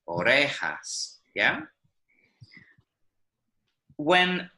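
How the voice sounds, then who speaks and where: A man's voice: medium pitch, pushed and bright, low-quality recording. A man teaching an online Spanish class over a video call, patiently explaining and checking that students follow. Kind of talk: online language lesson. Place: online class, speaking from Medellín.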